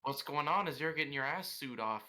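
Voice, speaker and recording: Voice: medium pitch, expressive, sharp tone. A player doing a furious posh legal bully. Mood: accusing. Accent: put-on posh English. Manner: sarcastic, threatening, rapid-fire questions. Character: furious adventurer acting as a pushy lawyer.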